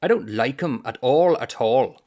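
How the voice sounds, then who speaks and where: A man voicing an indignant young soldier from a novel, loud and aggrieved as he complains. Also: huge pitch swings, very slow, creaky, heavily acted. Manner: loud, aggrieved, raised pitch.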